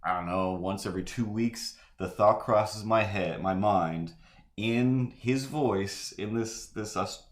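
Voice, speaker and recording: Man, very low voice, rambling drawing-stream chat, meandering with fillers, echoey room. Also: slow. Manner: meandering, full of fillers and asides. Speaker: livestream artist.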